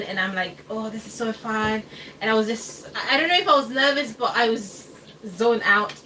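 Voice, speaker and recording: A woman's voice: medium pitch, a bit bright. A woman hosting a live cooking stream in her home kitchen, chatting in a rambling way with frequent laughs and hesitant fillers. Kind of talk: casual livestream chat while cooking. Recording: distant mic with faint background noise.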